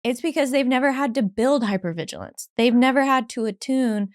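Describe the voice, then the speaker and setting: Candid, higher-voiced woman therapist. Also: no echo, clean studio sound. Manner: candid and lively, quick bursts, laughs, acts out quotes. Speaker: therapist guest. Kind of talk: casual conversation.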